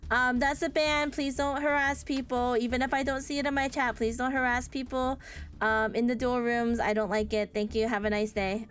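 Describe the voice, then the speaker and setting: A woman's voice: fairly high pitch, fairly even intonation, moderate pace, a bit bright, soft background music. A woman streaming a card game live, chatting with viewers in a playful, sarcastic way and laughing often. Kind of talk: casual live-stream chat while playing a card game.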